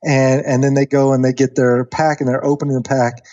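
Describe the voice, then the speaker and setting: A man in his thirties casually telling a long story on a podcast, animated and acting out the voices of the people in it. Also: mid-range voice, brisk, muffled recording, a little hiss or hum. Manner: animated storyteller, acts out quoted voices, many fillers. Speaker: podcast guest.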